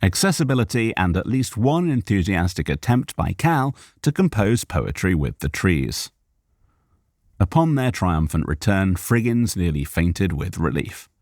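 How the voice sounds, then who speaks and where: A man's voice: low-pitched, very animated, unhurried, darkish tone, no echo. A man narrating an audiobook live on a studio microphone, reading aloud and stopping to correct himself.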